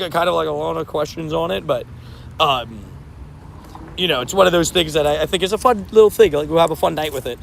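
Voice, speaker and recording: High, gravelly chatty male streamer. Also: fairly bright tone. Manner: chatty, rambling, laughs easily. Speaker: live-stream host. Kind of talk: casual live-stream chat.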